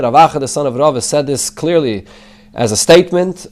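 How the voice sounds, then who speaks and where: Male rabbi teaching a Talmud class, slightly raised pitch, translates and explains line by line. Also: expressive, fast talker, darkish tone. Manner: explains in English mixed with Hebrew and Yiddish terms; translates the Aramaic text line by line.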